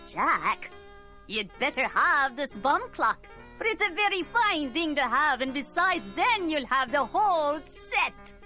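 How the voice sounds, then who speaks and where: A woman's voice: high-pitched, very animated, takes it slowly, sharp tone, faint music behind, pitched above the performer's own voice, full character voice. A woman voicing a sly little wee man who coaxes a boy into trades. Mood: persuasive.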